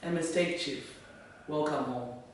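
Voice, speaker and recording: A woman voicing a brusque male airport immigration officer who talks loudly and bullies. It is a live reading, heard from a distance in an echoey room. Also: low voice, measured pace, a little hiss or hum. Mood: fawning. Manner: loud, bullying, then fawning.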